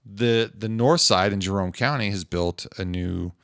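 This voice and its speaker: A middle-aged man hosting a podcast, talking in a relaxed, halting way with many pauses and restarts. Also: lowish voice, no echo, clean studio sound. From Idaho. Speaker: podcast host. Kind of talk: casual podcast chat.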